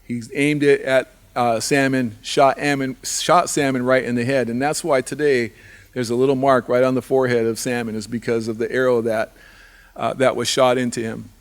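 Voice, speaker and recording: A man's voice: mid-range voice, little pitch movement, normal speed. A man telling a traditional animal story live, in a repetitive rhythmic way with restarts. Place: live fundraiser event.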